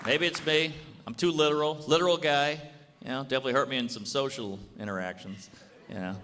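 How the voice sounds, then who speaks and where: A stand-up comedian with a mid-range voice works a club stage, firing off blunt, deadpan jokes and acting out quick snippets of dialogue. The live club recording carries reverb and audience noise, with the crowd laughing in the background.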